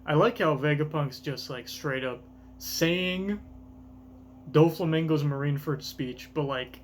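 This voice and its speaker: A man's voice: a little high, a little slow, slight background noise. A young man thinking aloud in casual reaction commentary, rambling with lots of fillers. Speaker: manga reaction host.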